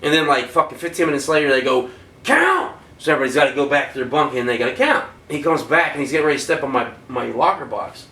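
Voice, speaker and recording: A man, a former prisoner and podcast guest, telling stories casually, swearing often and loudly acting out the voices he quotes. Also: mid-range voice, very fast, hardly any pauses. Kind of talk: casual storytelling. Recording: roomy, distant mic, faint ambience.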